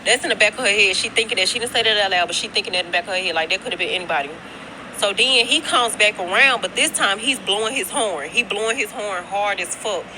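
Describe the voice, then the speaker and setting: With background noise around her, a young woman speaks quickly at a medium pitch with hardly any pauses. She's on break at work, telling her phone a rambling, curse-filled story and addressing viewers as "y'all" again and again.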